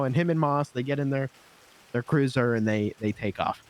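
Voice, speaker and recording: A man playing a prison guard, recounting events in character with lively detail and many fillers. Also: mid-range voice, moderate pace, clear, resonant tone. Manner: animated storyteller, lots of fillers. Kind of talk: in-character game storytelling.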